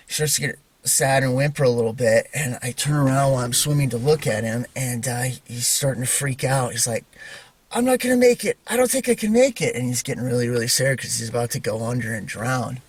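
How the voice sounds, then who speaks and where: A man telling a personal story to camera in a halting, casual way, with many fillers and restarts. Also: medium pitch, steady tone, slightly rough, dry recording. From Idaho. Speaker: Christian video maker.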